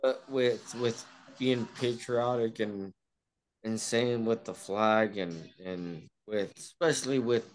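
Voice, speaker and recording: A man's voice: lowish voice, slow. A man in casual podcast chat, often restarting his sentences while he searches for words.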